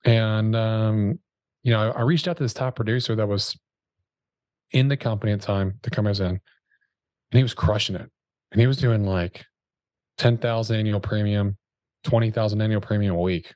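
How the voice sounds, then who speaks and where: A man tells his story in a loose, conversational podcast style, full of fillers and slang. His voice sits on the low side. The recording is dry, with no room sound. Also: a little fast, long pauses, no room sound. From Dallas area, Texas. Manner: relaxed slangy storyteller, many fillers and restarts. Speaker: insurance sales agent telling his story.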